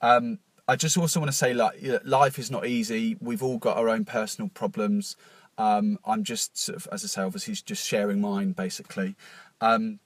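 Nervous, halting man hosting a podcast. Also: fairly low pitch, steady tone, no room sound. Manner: halting and nervous, many fillers and restarts; emotional, openly moved. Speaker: podcast host. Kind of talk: confessional podcast monologue.

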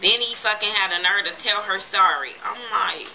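A woman recapping a TV episode in a casual, profane, animated way, acting out the characters' lines as she retells them. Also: mid-range voice, moderate pace, vocal fry, slight background noise, low-quality recording. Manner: blunt, profane, animated retelling with quoted voices. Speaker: TV episode reviewer.

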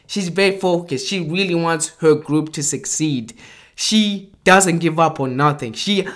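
Young adult vlogger, enthusiastic casual commentary, animated delivery, unhurried pace, keeps circling back to exclamations. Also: medium pitch. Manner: excitable, repeats exclamations and phrases.

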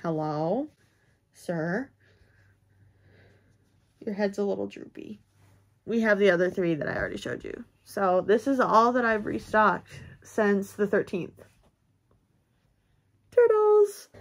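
Young woman rambling to the camera while she crochets, casual and self-mocking. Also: mid-range voice. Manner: self-deprecating, rambling, thinking aloud. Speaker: crochet vlogger.

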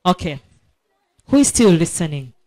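At a school assembly during prayer week, a woman delivers a children's sermon slowly and emphatically, quizzing her listeners and repeating key words for emphasis. Her voice is lowish and mellow, with big swings in pitch.

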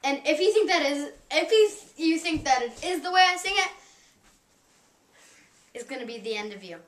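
A woman's voice: high voice, expressive, normal speed, fairly bright tone. A girl hosting a casual home video, talking in a playful, self-mocking and joking way, recorded from a distance in an echoey room. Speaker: vlog host. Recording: echoey room, camera far off.

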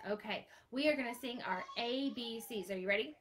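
A woman's voice: a little high, brisk, a little hiss or hum. A woman librarian holding an online storytime for young children, reading aloud and singing with a sing-song, exclaiming manner.

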